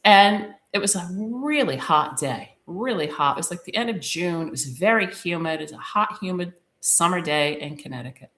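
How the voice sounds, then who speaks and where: Bright-toned woman telling a personal story. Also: lowish voice, moderate pace, few pauses, roomy sound. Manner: emotional, animated retelling with quoted dialogue. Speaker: podcast host.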